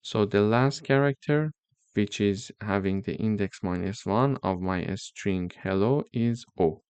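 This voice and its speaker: A man walks through a coding lesson at an unhurried, deliberate pace, checking in often to make sure each step lands. His voice sits low and comes through smooth and clear, recorded close on a dry mic with no room sound. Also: a little mellow, no echo. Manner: slow, step-by-step explaining with repeated "okay?" checks. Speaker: programming teacher. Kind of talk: screen-recorded coding tutorial.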